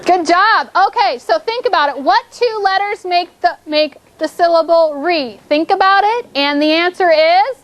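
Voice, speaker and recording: A woman teacher with a very high voice leads a phonics drill in a classroom. She draws out her questions and repeats the cues while the children think. A faint hiss of classroom noise sits under her voice. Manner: coaxing, drawn-out prompts with repeated cues. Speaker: fourth grade teacher.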